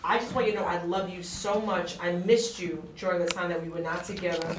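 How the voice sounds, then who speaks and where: Woman, lowish voice, heartfelt rambling host, echoey room, far from mic. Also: fairly even intonation, brisk, background noise. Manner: heartfelt, rambling, says "whereas" often. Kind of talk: casual interview chat.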